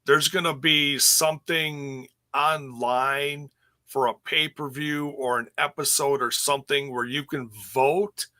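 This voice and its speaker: Guy co-hosting a podcast, bright voice, rambly and jokey. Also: a little high, steady tone, unhurried. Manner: rambling, jokey, laughs easily. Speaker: podcast co-host. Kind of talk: casual wrestling review chat.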